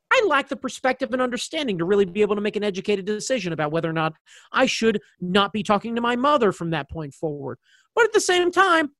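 A man's voice: very high-pitched, fairly bright tone, no echo. A man from suburban Baltimore County telling a personal story in casual chat, rambling with lots of fillers and blunt swearing. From suburbs of Baltimore County, Maryland.

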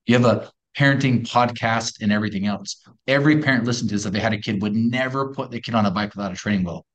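A man with a low-set voice talks up his product in a podcast interview. He speaks emphatically and persuasively and leans on rhetorical questions to make his point. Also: quick pace. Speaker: company co-founder pitching a product.

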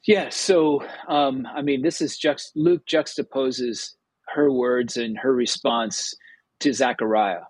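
A man hosting a Gospel reflection show, explaining scripture in an animated way and acting out the quoted words. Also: mid-range voice, slow pace, breathy edge, no echo, poor audio. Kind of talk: scripture discussion.

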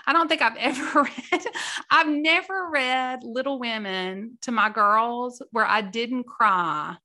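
A woman's voice: medium pitch, bright, forceful tone. A middle-aged woman hosting a casual chat with her viewers, folksy, openly emotional and easily choked up. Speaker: host.

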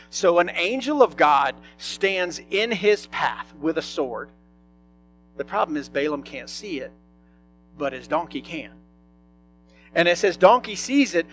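A male pastor preaching a sermon in a conversational way, often asking his listeners questions. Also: fairly high pitch. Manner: conversational, asks the congregation questions.

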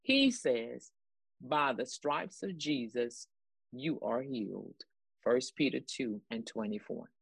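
Her voice is extremely low, husky, and marked by vocal fry, yet its intonation is lively; she speaks slowly, with no room sound. As a ministry broadcast co-host, she preaches in an emphatic, repetitive way, urging listeners on with exclamatory praise.

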